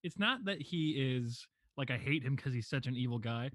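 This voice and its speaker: A man's voice: medium pitch, moderate pace. A man co-hosting a podcast, talking expressively and indignantly about a TV villain. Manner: expressive, indignant, laughs often. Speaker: podcast co-host. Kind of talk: casual chat.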